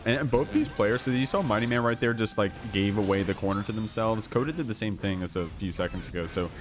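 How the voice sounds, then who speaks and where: An American man co-commentating an online fighting game tournament, relaxed and reading chat between matches. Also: lowish voice, fast talker, over music. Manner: laid-back, easygoing, reads chat aloud.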